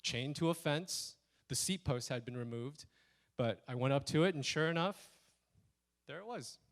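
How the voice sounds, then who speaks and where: A man telling a personal story on stage at a speaker event, animated and acting out the lines he quotes. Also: mid-range voice, normal speed. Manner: animated, acts out quoted lines in shifting voices. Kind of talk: live storytelling talk.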